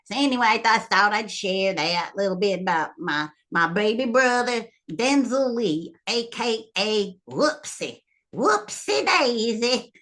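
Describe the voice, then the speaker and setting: A woman's voice: medium pitch, a bit bright. Rambling woman telling a story. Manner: rambling, chatty, full of ums and small laughs. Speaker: vlogger. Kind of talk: casual storytelling.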